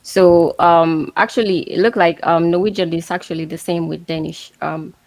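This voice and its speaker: A woman's voice: fairly low pitch, fairly even intonation, moderate pace, no echo. A woman taking part in an online study group, speaking hesitantly over a video call and laughing at her own attempts. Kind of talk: casual online discussion.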